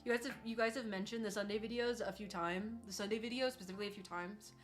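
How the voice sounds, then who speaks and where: A woman hosting a casual livestream from her desk at home, talking in a gushing, excitable, slangy way. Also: medium pitch, fast. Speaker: livestream host.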